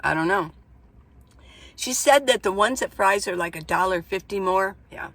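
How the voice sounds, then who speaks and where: Chatty woman with a gravelly voice. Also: fairly low pitch, normal speed, a bit bright. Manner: rambling, chatty, storytelling. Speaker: van-life vlogger. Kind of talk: casual chat to camera. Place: inside a minivan.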